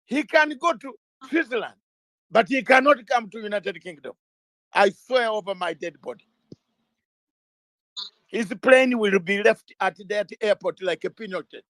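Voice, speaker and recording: A middle-aged man with a notably high-pitched voice holds forth in an interview like a lawyer making a case. He speaks emphatically, stacks up rhetorical questions and repeats key words. The sound is dry, with almost no room echo. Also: lively intonation, unhurried, long pauses, fairly bright tone. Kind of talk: impassioned interview talk.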